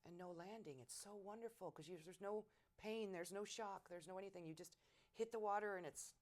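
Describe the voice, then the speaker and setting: A middle-aged woman in an oral history interview, telling war stories in a lively way and acting out quotes loudly. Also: medium pitch, brisk. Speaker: veteran interviewee.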